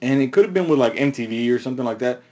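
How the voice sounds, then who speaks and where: A man's voice: mid-range voice, expressive, racing, dark tone, lo-fi sound. A man co-hosting a casual chat, rambling in loose runs and laughing often. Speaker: podcast co-host.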